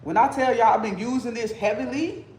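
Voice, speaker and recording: A man's voice: very high-pitched, a little fast, noisy background. A man hosting a casual cooking livestream, talking playfully and teasing his chat while he cooks. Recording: echoey room.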